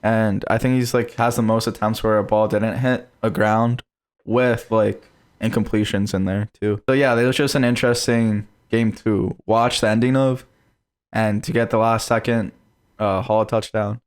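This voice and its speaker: A young man co-hosting a podcast, talking fast and animated in casual sports chat, with a slight case of hiccups. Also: lowish voice, clear, resonant tone. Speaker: podcast co-host.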